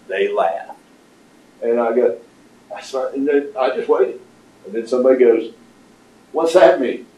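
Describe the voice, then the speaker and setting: An older man giving a casual, rambling pitch to an audience, with lots of fillers. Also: mellow. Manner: rambling storyteller with many fillers. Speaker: startup presenter. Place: meeting room with audience. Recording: roomy, distant room recording.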